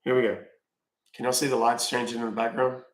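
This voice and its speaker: Casual male streamer, gruff and offhand, cussing, roomy echoey sound. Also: mid-range voice, little pitch movement, a little fast. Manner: grumbling, cursing, offhand. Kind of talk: casual live-stream chat. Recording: roomy echo.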